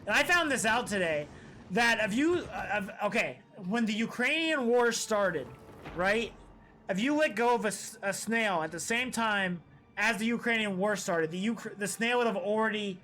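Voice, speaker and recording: A man's voice: high-pitched, sharp tone, slight background noise. A man streaming live, rambling through opinions in casual, profane chat.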